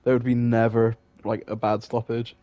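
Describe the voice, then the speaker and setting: A man chatting casually with a streamer, in relaxed banter that is full of swearing. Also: mid-range voice, normal speed, no echo, muffled recording. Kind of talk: casual chat.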